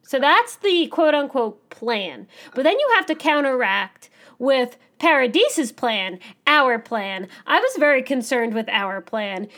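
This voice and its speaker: A woman co-hosting a casual podcast chat, animated and excitable, acting out lines as she talks. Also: sits high, a little slow, hardly any pauses. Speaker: podcast co-host. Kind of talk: casual chat about an anime episode.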